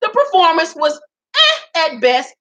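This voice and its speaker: A woman's voice: extremely high pitch, sing-song, measured pace, pushed and bright. A woman hosting her own vlog, ranting about celebrity gossip in a profane, emphatic way and repeating lines for effect. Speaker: vlog host.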